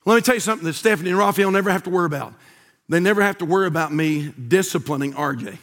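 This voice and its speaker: A man preaching a sermon in a church, swinging from hushed asides to shouted appeals. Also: sits high, rapid-fire, big-room sound. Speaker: pastor. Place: church sanctuary.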